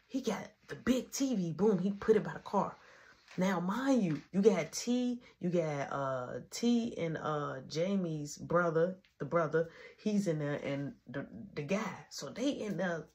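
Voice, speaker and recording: Expressive young woman telling a story. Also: low-pitched, a little slow, hardly any pauses. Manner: expressive, swings between loud exclaiming and hushed asides. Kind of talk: animated storytime narration.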